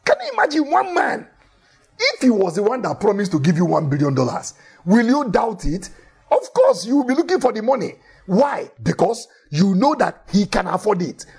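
Very raspy, animated male preacher. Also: high-pitched, normal speed. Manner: emphatic, repeats key phrases, animated storytelling. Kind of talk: sermon.

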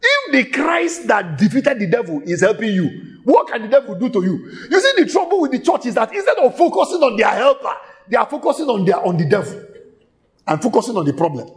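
High-pitched emphatic male preacher. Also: big pitch swings, fairly quick. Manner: shouting, emphatic, with sudden exclamations; repeats phrases rhythmically and laughs between lines. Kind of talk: sermon.

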